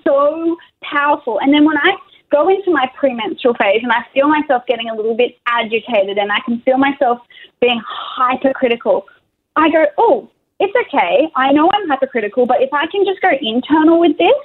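A woman's voice: sits high, expressive, fairly quick. A woman guest on a podcast, speaking in an enthusiastic, emphatic way. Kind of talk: casual chat. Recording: tinny phone-like line.

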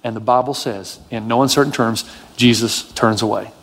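A man preaching a sermon as a pastor, animated and swinging between low, quiet passages and high, emphatic ones. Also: moderate pace, long reverb tail, noisy background.

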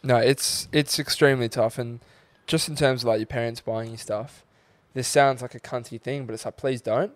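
A man's voice: mid-range voice, fairly even intonation, normal speed, hardly any pauses, no room sound. A young Australian man co-hosting a podcast, chatting casually and swearing freely as he tells stories and quotes people. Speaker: podcast co-host. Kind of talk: casual chat.

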